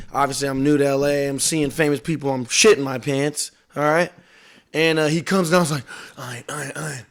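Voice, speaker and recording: A young man co-hosting a casual podcast, rambling through stories and acting out quoted voices. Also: on the high side. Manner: rambling, animated storyteller with laughs and acted quotes. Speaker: podcast co-host. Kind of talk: casual chat, storytelling.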